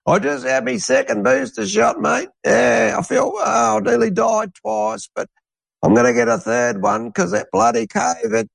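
A man's voice: extremely high pitch, fairly even intonation, measured pace, vocal fry, husky, no echo, pitched above the performer's own voice, heavily acted. A man voicing a gullible Australian man in his eighties with a broad accent, chatty and drawling and casually swearing. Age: 80s. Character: gullible elderly Aussie bloke in his eighties.

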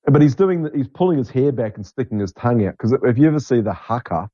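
A man's voice: mid-range voice, lively intonation, quick pace, mellow, lo-fi sound. A New man in casual, opinionated chat, rambling with many fillers and restarts.

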